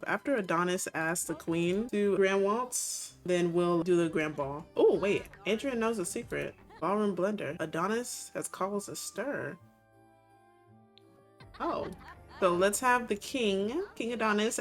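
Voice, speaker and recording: A woman casually narrating her life-sim gameplay, chatty and giggly, voicing characters in quotes as she plays. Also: mid-range voice. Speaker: gaming video creator.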